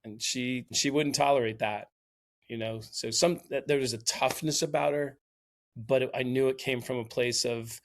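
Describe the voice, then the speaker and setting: A man, around his fifties, talking thoughtfully and in a measured way on a podcast. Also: medium pitch, fairly even intonation, slight background noise. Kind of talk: reflective podcast conversation.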